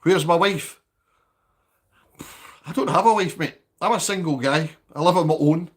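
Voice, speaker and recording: A Scottish man holds a relaxed live-stream chat from his home, his voice sitting a little higher than most men's. He natters on to his viewers, reads their comments out loud and keeps nudging them for likes. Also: moderate pace.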